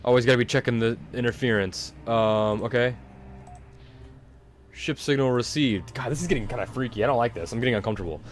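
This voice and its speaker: A man's voice: mid-range voice, rapid-fire, hardly any pauses, a little hiss or hum. A man casually commenting while playing a video game, muttering to himself. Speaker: game streamer. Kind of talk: let's-play commentary.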